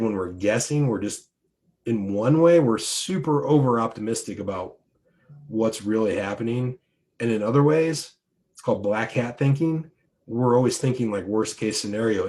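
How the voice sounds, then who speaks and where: Man coaching online, fairly low voice, emphatic, casual, lots of fillers. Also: a little mellow. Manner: conversational, emphatic, many fillers and restarts. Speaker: business coach. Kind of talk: live online coaching talk.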